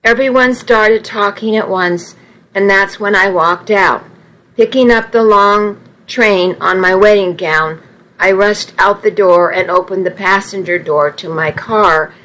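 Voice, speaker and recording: A woman reading a first-person story aloud in an unhurried way, now and then correcting a slip. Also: medium pitch, fairly bright tone, poor audio. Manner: unhurried, occasional slips and self-corrections. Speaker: narrator.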